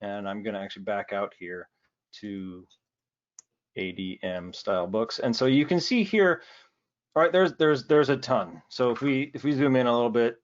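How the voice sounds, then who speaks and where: A man's voice: medium pitch, moderate pace. Laid-back guy walking through a tech demo, jokey, keeps saying right, dull muffled call audio. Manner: easygoing, joking, peppers speech with "right?". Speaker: presenter. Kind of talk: casual technical demo.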